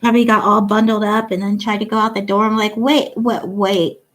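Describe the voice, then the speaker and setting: A woman's voice: mid-range voice, monotone, quick pace, a bit bright, poor audio. A woman hosting a casual livestream chat, reading viewer comments aloud and laughing often. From Ohio. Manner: chatty, giggly, reads comments aloud. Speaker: livestream host.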